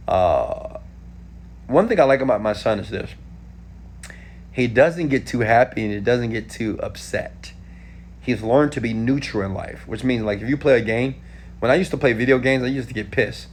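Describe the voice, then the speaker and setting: A man in his thirties from Houston, Texas, answering viewer questions in a casual live stream, animated and talking straight to viewers. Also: mid-range voice, moderate pace, slight background noise. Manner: animated, talks straight to viewers with frequent "okay?".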